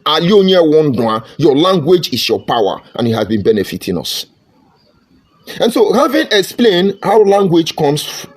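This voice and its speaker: A man's voice: sits high, breathy edge. A man with a Nigerian accent giving an impassioned, preachy monologue, repeating his points with emphasis. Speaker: online commentator.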